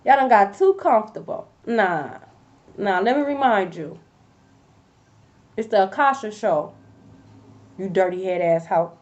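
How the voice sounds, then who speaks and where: A woman's voice: mid-range voice, a little slow, pauses often, a little mellow. Blunt, profane woman on lo-fi audio. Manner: blunt, profane, fired-up talk. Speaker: tarot reader. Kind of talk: casual tarot reading rant. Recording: dull lo-fi audio.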